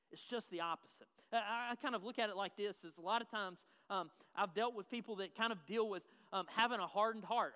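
In a church sanctuary whose large hall gives a long reverb, a pastor delivers a sermon with emphasis, repeating his key phrases. His voice is high and a bit bright.

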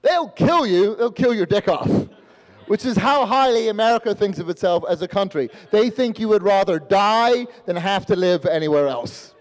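High-voiced man with a mixed Northern Irish accent. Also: expressive, normal speed, big-room sound. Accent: mixed Northern Irish and London. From born in Australia, raised in Northern Ireland. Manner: acts out quoted voices, swears freely. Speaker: stand-up comedian. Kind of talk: stand-up set. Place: live comedy venue with audience.

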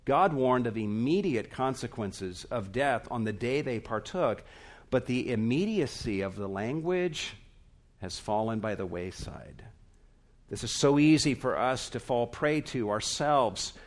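Male pastor, mid pitch, emphatic sermon delivery, earnest and steady. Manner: earnest, emphatic preaching with drawn-out stressed words.

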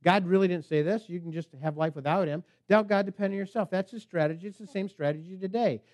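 A man's voice: high voice, quick pace, darkish tone, no room sound. A man preaching a sermon as pastor, emphatic and preacherly, at times speaking the tempter's lines.

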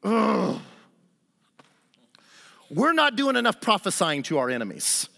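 A man preaching a sermon, telling a story with animated delivery and acting out the quotes. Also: sits high, a little fast, vocal fry. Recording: hall reverb.

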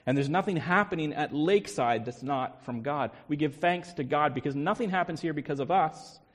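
A male pastor preaching a sermon with emphatic repetition and rhetorical questions. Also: a little high. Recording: long hall reverb.

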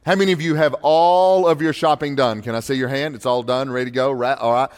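A man's voice: mid-range voice, steady tone, fast, in a large hall. A man, a pastor preaching a sermon in a church and telling folksy stories. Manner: folksy storytelling with crowd surveys. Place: church sanctuary.

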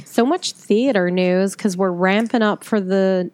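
A woman's voice: mid-range voice, measured pace, a little mellow. A woman co-hosting a podcast, easygoing in casual chat and retelling a listener's story. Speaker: podcast co-host.

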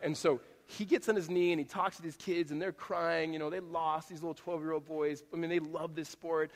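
A man preaching a sermon as a pastor to a church congregation, talking in a conversational, animated way with frequent restarts. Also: sits high. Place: church auditorium. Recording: long hall reverb.

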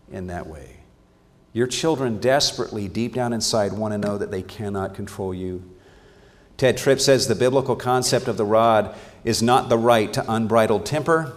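A man teaching a parenting seminar in a sermon style, earnest and emphatic, often restarting his words. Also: fairly low pitch. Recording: long hall reverb.

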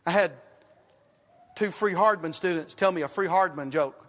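A man preaching a sermon in a church, emphatic, repeating his phrases and asking rhetorical questions, swinging from loud to hushed. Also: high-pitched, moderate pace, long reverb tail. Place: church sanctuary.

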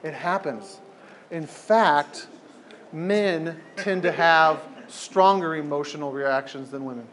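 A man leading an informal group talk, animated and emphatic, often repeating phrases for effect. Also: fairly high pitch, takes it slowly, slight background noise.

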